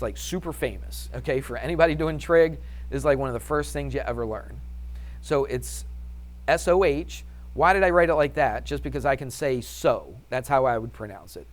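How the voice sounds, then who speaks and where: A male math teacher leads a classroom lesson with an upbeat, chatty manner. He keeps tossing questions to the class and then answers them himself. His pitch sits in the usual middle range for a man.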